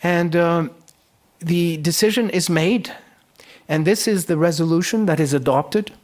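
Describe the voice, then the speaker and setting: A middle-aged man lectures at a conference in a voice pitched a little above the usual for a man. He recounts history as a story, and often stops to restart a phrase or fill a pause. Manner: storytelling, recounting historical debates and quoting speakers in lively voices; frequent fillers and restarts.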